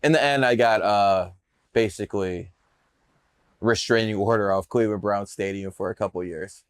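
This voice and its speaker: A man's voice: lowish voice, moderate pace, clean tone, no echo, clean studio sound. Brash, profane man telling stories. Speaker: podcast guest telling his story. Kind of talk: casual storytelling interview.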